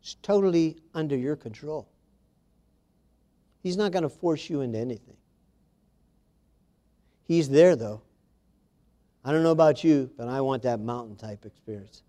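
Mellow-voiced preacher man delivering a sermon. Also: mid-range voice, lively intonation, normal speed, pauses often. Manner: emphatic, reads scripture aloud, addresses congregation directly.

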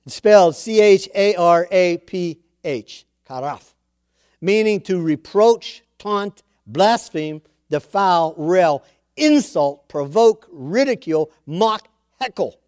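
High-voiced animated preacher man. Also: slow pace, smooth, no room sound, studio quality. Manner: animated storytelling preacher, acts out quotes. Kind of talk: sermon.

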